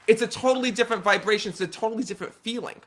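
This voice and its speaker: A man's voice: high voice, very fast, fairly bright tone. A man in his thirties with an American accent, earnestly telling personal stories to a live audience, often checking in with "right?" and "you know.". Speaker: psychic medium guest. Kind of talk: casual storytelling conversation.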